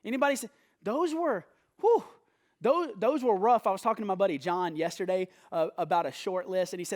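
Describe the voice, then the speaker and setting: Young man, high voice, upbeat show host, animated, stammers and restarts. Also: brisk. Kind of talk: energetic casual talk to camera.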